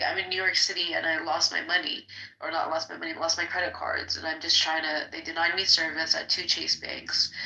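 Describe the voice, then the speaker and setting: Gravelly, emotional woman in a roomy space. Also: sits low, pushed and bright. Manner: emotional, rambling, plaintive. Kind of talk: casual heated group chat.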